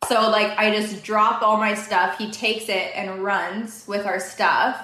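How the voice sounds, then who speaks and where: A young woman from Canada, a guest telling a story in a casual, animated way, quick and full of "like" fillers. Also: mid-range voice, slight background noise. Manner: fast, animated, many "like" fillers. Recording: echoey room.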